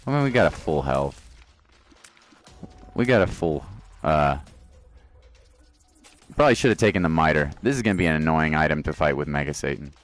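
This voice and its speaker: Laid-back male gaming streamer, deep voice, faint music under him. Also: lively intonation, moderate pace, long pauses. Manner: laid-back, chatty, talks to chat. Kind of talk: casual live-stream chat.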